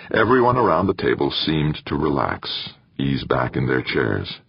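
A man narrating an audiobook in a steady, expressive storytelling manner. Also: very deep voice, normal speed, creaky, hardly any pauses, slightly rough, no echo. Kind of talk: scripted narration. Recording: dull, dry audiobook recording.

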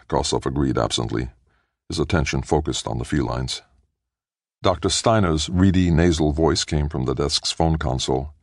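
A male audiobook narrator telling a science fiction story with dramatic storytelling. His voice is extremely deep and gravelly, and moves through a lively range of pitch. The sound is dry and close. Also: normal speed, dry recording. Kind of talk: scripted narration.

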